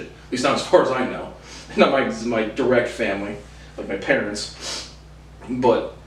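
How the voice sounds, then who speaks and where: A man delivering an angry, profanity-filled rant to his viewers, hurling insults and repeating himself as he restarts phrases. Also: mid-range voice. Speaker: video host. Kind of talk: ranting monologue to camera. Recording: roomy sound from a distant mic.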